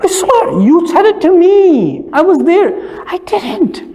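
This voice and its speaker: Brief: man playing a whiny young child insisting he never lied, high and slow. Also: big pitch swings, dark tone, heavily acted. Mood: protesting. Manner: shrill, protesting.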